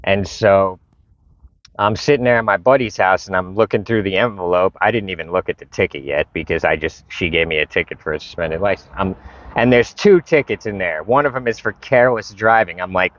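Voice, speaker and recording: Low-voiced man ranting, dull lo-fi sound. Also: a little fast, fairly bright tone, no room sound. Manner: frustrated, profane, retells conversations. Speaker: vlogger. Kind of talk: casual storytelling rant. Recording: dull lo-fi recording.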